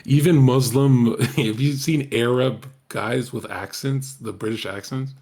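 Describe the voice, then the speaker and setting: A man's voice: medium pitch, unhurried, darkish tone. A man streaming, rambling through casual commentary to his viewers, profane and joking.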